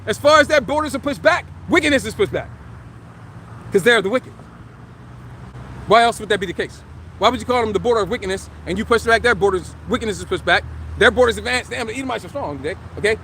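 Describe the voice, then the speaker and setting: A street preacher gives a live religious teaching, emphatic and dramatic, firing off rhetorical questions and shouting scripture. His voice is high-pitched, with a little hiss or hum in the recording.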